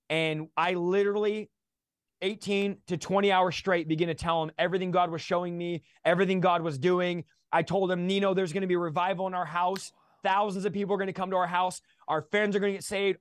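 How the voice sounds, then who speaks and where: A man's voice: high voice, no echo, clean studio sound. A man in his thirties, a guest in a livestream interview, telling his testimony with a passionate, preacher-like drive.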